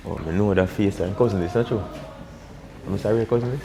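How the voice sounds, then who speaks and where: A man with a Jamaican accent softly consoling a grieving young man in a heart-to-heart chat, speaking thick patois. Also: fairly low pitch, fairly quick. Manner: soft, consoling patois, often ending lines with "youth" and "bro". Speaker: mourner.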